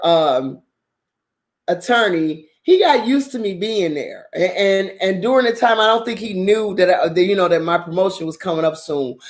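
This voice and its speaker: A woman host casually telling a story in a blunt, profane, animated way, with frequent laughter. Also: medium pitch. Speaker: drama channel host.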